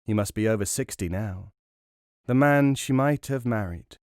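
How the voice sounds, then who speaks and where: A man narrating a novel as an audiobook in a measured, dramatic storytelling manner. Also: lowish voice, animated, a little mellow, dry recording, studio quality.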